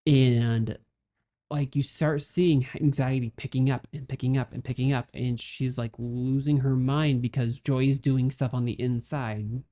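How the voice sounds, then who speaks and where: A woman co-hosting a podcast, chatting casually about a film, fast and animated with many fillers. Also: rumbling low. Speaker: podcast co-host. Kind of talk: casual movie discussion.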